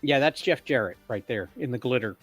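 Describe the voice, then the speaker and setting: A man's voice: medium pitch, lively intonation, slightly rough, soft background music. A man hosting a casual live-stream chat with guests on a video call, joking and poking fun at himself. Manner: self-deprecating, joking, drawn-out teasing. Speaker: host of a live watch-along stream.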